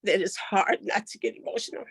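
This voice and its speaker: A woman's voice: mid-range voice, fairly even intonation, a little fast, creaky, husky, no room sound, clean studio sound. A middle-aged woman giving an earnest, heartfelt testimonial on a call, with many fillers and restarts. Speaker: network marketing member sharing her story.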